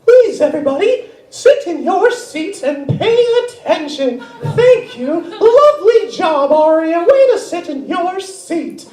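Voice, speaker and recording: A man voicing a cheerful cartoon mouse teacher who flips into profane, shrieking rants in a squeaky falsetto. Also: very animated, slow pace, few pauses, full character voice. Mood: sugary cheerful. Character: cheerful cartoon mouse teacher snapping into foul-mouthed rage. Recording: roomy theater sound from a distant mic.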